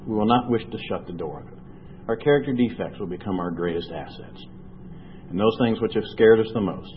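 Man, low voice, earnest recovery testimony, storytelling, slow at heavy moments, dull lo-fi recording. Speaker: recovery speaker. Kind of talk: personal testimony talk. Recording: dull lo-fi recording with faint noise.

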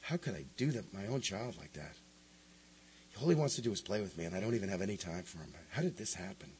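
A man voicing an overwhelmed father in crisis, with hurried, pleading, self-reproaching speech. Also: fairly high pitch, a little mellow, a little hiss or hum, voice pushed up, close to an everyday voice. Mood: despondent.

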